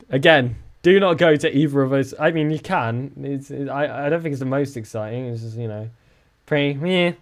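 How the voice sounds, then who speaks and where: A man's voice: normal speed, long pauses. A young man from the south of England with a southern English accent, chatting casually with his live-stream viewers and joking around. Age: young adult. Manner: chatty and joking, with lively swings in pitch.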